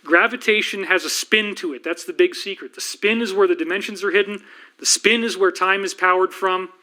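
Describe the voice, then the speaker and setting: Fast-talking man lecturing on a livestream. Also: high-pitched, fairly even intonation, pushed and bright. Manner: rapid, rambling, with frequent restarts. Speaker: livestream host and researcher.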